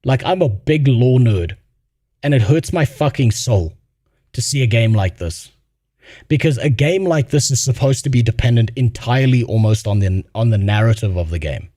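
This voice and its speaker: A man's voice: mid-range voice, animated, normal speed, dark tone, no room sound. Profane ranting streamer man, dry sound. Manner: blunt, swears a lot, laughs while telling stories. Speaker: streamer reacting to a video. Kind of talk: casual profane rant.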